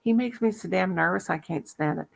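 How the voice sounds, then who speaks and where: Gravelly older woman telling stories. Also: on the low side, fairly quick. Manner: chatty, laughs a lot, salty language. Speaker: vlogger. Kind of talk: casual chat, storytelling.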